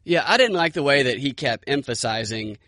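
Bright-voiced man co-host. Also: mid-range voice, animated, a little fast, no echo, clean studio sound. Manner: agreeable, brief backchannel replies. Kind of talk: casual political commentary.

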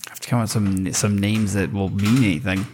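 A man's voice: lowish voice, flat delivery, quick pace, a little mellow, slight background noise. A man hosting a podcast, joking and crude in casual banter with his guests. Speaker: podcast host.

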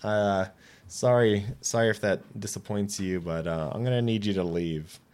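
A man in his late twenties with a fairly low voice tells stories casually on a podcast. He gets animated, slips into the voices of the people he quotes, and swears without a second thought. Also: moderate pace. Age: 20s. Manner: animated, acts out quoted dialogue, swears freely. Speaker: podcast guest. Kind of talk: casual storytelling.

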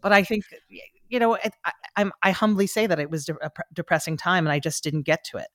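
A woman's voice: lowish voice, fast, dry recording, studio quality. A woman, a stage actor and coach, talking reflectively and earnestly as a podcast guest, often restarting her sentences. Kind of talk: casual podcast interview.

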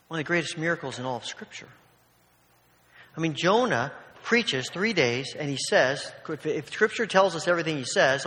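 High-voiced preacher with humorous asides. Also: male voice, pushed and bright, long reverb tail. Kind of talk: sermon.

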